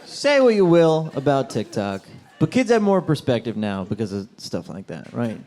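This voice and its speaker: A man from New Jersey doing a brash, profane stand-up set, jumping into loud, high impressions. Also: wildly swooping pitch, normal speed. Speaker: stand-up comedian. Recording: live club mic with audience noise. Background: audience laughter.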